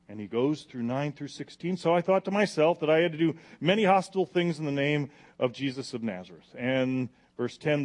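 A man preaching a sermon, dramatic, dropping to a hush and then rising to forceful emphasis as he retells scripture. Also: a little high, lively intonation, moderate pace, few pauses. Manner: dramatic, swings from hushed to emphatic when quoting scripture.

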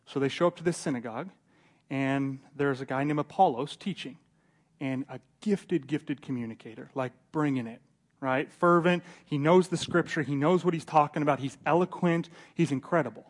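A man's voice: a little high, normal speed. A man teaching a casual Bible study, chatty and joking. He often repeats his words and acts out the scenes he describes.

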